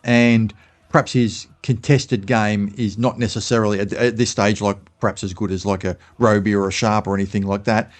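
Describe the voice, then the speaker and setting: A man's voice: fairly low pitch, level tone, normal speed. An Australian man talking casually as host of a fan channel, thinking aloud with fillers and restarts. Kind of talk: casual spoken commentary.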